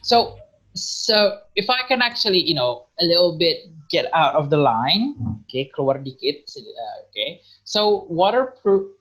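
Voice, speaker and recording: A man with an Indonesian accent teaching an online English vocabulary lesson, patient and encouraging, slowly repeating words to model pronunciation over a video call. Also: on the high side, big pitch swings, a bit bright, low-quality recording.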